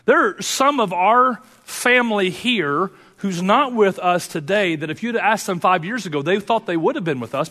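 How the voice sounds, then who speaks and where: A man preaching a sermon as pastor of his church, earnest, moving between fervent urging and quiet personal confession. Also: high voice. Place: church sanctuary. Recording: long hall reverb.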